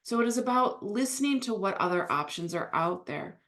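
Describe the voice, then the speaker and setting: A woman's voice: medium pitch, lively intonation, normal speed, a bit bright. A woman giving channeled spiritual advice, explaining patiently and acting out imagined speakers.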